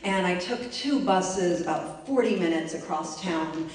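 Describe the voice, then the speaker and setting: Woman, lowish voice, wry self-mocking storyteller, booming echo, mic far off. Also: unhurried. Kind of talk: live personal storytelling. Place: library event space. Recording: echoey room, mic far off.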